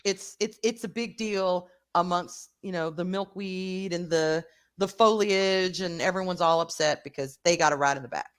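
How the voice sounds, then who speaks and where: A woman hosting a casual show review over a video call, animated and rambling with filler asides. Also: on the low side, normal speed, clean tone. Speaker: host.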